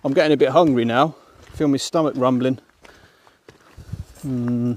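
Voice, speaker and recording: Slow and given to frequent pauses, this English man's mid-range, darkish voice stays fairly even in intonation. A walking vlogger, he pants up a muddy hill on a woodland path, offering viewers casual chat, muttered asides and mild exclamations.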